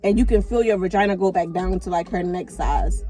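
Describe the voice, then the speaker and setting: A woman's voice: lowish voice, a little fast, mellow, faint music behind, low-quality recording. Chatty young woman telling a storytime. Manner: chatty and candid, addresses viewers as "y'all". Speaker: vlogger. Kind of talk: casual storytime to camera.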